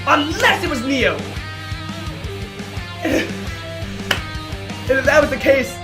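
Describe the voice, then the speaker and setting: A man giving excited, breathless reaction commentary on a show, gushing and swearing with stammered restarts. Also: very high voice, extremely slow, pauses often. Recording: roomy room, faint music behind.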